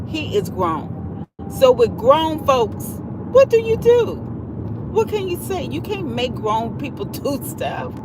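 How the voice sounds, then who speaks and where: A woman livestreams casually from her car as she drives, her high voice swinging widely in pitch at a slow pace. She rambles and repeats herself in a heartfelt way, with loud road and traffic noise in the background.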